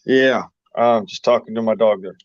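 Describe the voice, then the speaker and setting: A man hosting a livestream chat, talking in a slow, laid-back way. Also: lowish voice. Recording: dull, dry online audio.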